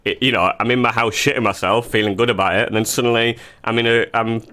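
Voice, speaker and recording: A comedian co-hosting a podcast, talking in a playful, self-mocking way in casual chat. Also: male voice, mid-range voice, steady tone, fast, bright, forceful tone.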